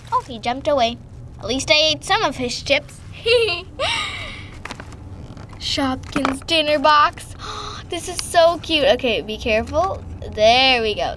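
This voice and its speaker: A woman's voice: sits high, animated, measured pace, background noise. A woman playing with dolls and unboxing toys, giggly and gushing, switching between doll voices. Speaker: doll-play video host.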